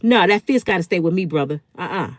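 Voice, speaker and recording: A woman's voice: lowish voice, animated, fast, dry recording. A woman in her fifties hosting a live stream, answering her chat in a heated, blunt way and swearing freely. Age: 50s. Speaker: channel host.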